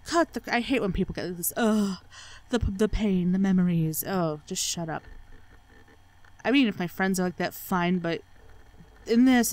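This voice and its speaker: A woman's voice: mid-range voice, a little mellow. A woman hosting a let's play, giving sarcastic, profanity-laced commentary and mocking the game's dialogue. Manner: sarcastic, swears freely, mocks the game's dialogue. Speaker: let's play channel host. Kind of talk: gaming commentary.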